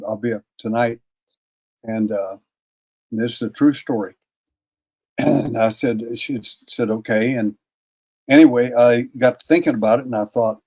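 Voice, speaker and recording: An older man, a guest on an interview, telling a long personal story in a folksy, casual way, often repeating words and clearing his throat. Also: medium pitch, a little mellow. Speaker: interview guest, paranormal investigator.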